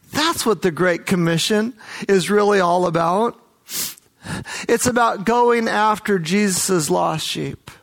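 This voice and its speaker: A middle-aged man telling a mission story in a sermon, building to excited exclamations as he tells it. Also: high-pitched. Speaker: missionary preacher.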